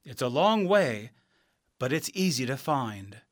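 A man voicing a kind, helpful good witch, his voice raised and gentle, in a storybook reading. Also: medium pitch, very animated, unhurried, dry recording, studio quality. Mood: kindly. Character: kindly good witch woman, warm and helpful.

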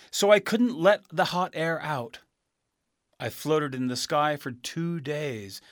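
A man voicing a kindly old man who poses as a wizard, apologetic and gently explaining, in a storybook reading. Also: on the high side, dry recording, clean studio sound, voice pushed up.

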